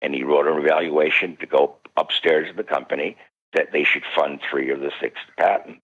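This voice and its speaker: A man being interviewed as a guest parapsychologist, telling stories animatedly with sudden jumps in pitch. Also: fairly even intonation, brisk, fairly bright tone. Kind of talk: recounting stories in a radio interview. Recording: dull lo-fi radio call.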